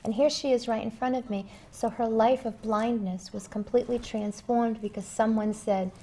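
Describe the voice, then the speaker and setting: A woman working as a spiritual medium who talks earnestly in an interview, telling stories with emphatic pauses. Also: fairly high pitch, steady tone, warm tone. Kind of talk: interview conversation.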